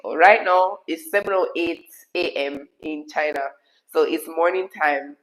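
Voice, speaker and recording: A Jamaican woman from Jamaica hosting a casual live stream from her kitchen, hoarse from being sick, chatty, laughing often and slipping into patois. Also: low voice, unhurried, poor audio. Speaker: YouTube host answering live chat.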